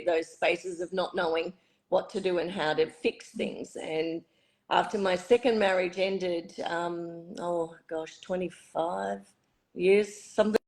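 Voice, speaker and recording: A middle-aged woman with a hoarse, husky voice, a spiritual retreat facilitator telling her story candidly in an interview. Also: fairly low pitch, darkish tone, rough recording. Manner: candid, reflective, uses fillers. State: hoarse, croaky throat.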